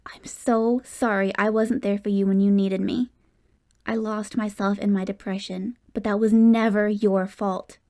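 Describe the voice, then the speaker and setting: A woman narrating a loving middle-aged mother who shifts between soft whispers and fierce pleading. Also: medium pitch, little pitch movement, a little slow, close to an everyday voice. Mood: tender.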